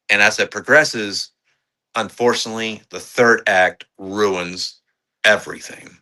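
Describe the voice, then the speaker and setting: Unhurried yet excitable, this male podcast co-host reviews films in loose, casual chat. His voice is lowish and his tone sharp and forceful, and he rambles and swears with plenty of fillers.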